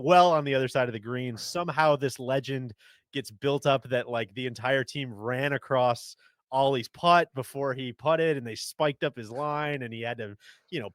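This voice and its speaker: A man's voice: medium pitch, no room sound, studio quality. A man hosting a casual golf podcast, chatting and reading an ad. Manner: conversational, reads ad copy. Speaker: podcast host.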